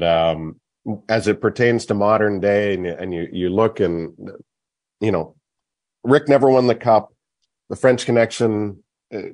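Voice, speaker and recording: A man's voice: on the low side, a little mellow. A man hosting sports talk at a golf charity event, making an emphatic case point by point. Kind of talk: opinionated hockey talk.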